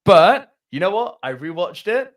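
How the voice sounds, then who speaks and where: A man's voice: high voice, big pitch swings, unhurried. A man co-hosting a podcast in casual chat, rambling, often restarting his sentences and swearing casually. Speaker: podcast co-host.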